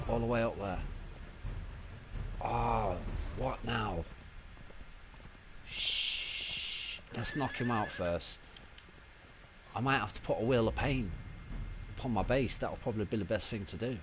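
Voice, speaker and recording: A man giving casual, excitable live commentary while streaming a video game. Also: fairly low pitch, slow pace, long pauses, background noise.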